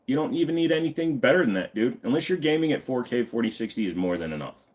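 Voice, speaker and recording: A man's voice: mid-range voice, expressive, fast, darkish tone. A man in his forties hosting a live stream Q&A. He talks bluntly and casually and swears freely. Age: 40s.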